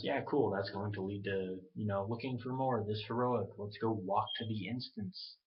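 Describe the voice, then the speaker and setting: A man ranting casually into his webcam, animated and profane, acting out other people's lines as he goes. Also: lowish voice, normal speed, muffled recording. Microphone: webcam mic.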